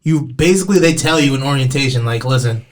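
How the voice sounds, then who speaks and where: A young man hosting a podcast, telling stories in a lively, slangy way. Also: medium pitch, quick pace, a loud crowd. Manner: animated storyteller, lively slangy delivery. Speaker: podcast host. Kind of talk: casual conversational interview.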